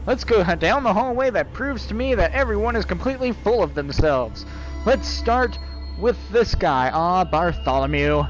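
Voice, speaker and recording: A man's voice: sits high, poor audio. Jokey man narrating a horror game. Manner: jokey, talks to the game's portraits, yelps when startled. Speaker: gaming YouTuber. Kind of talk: horror game let's play commentary.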